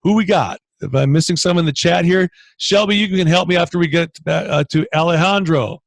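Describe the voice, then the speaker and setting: Energetic Canadian man coaching a group. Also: sits high, fairly quick, vocal fry, no room sound. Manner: energetic, animated, acts out inner dialogue. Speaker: training manager hosting a call. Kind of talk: motivational coaching talk. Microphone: video call.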